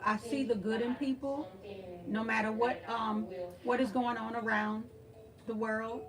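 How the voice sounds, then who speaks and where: A woman with a Southeast Texas country accent hosts a live stream, answering the chat in a folksy way and calling viewers honey and girl. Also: on the high side.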